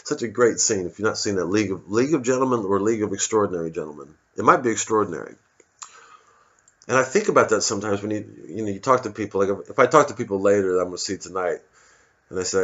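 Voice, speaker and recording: A low-voiced man rambles through a comic monologue, doubling back and restarting as he goes. He tells the story in a loose, conversational way. The recording sounds dull and lo-fi. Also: quick pace, a bit bright. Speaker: comedian.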